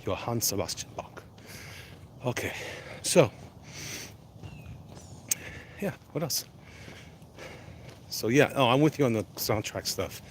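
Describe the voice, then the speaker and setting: A man's voice: lowish voice, slight background noise. Chatty man vlogging on a cold walk. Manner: rambling, chatty, reads out viewer comments. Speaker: vlogger answering live chat. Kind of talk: casual walk-and-talk livestream chat. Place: outdoors walking in the cold.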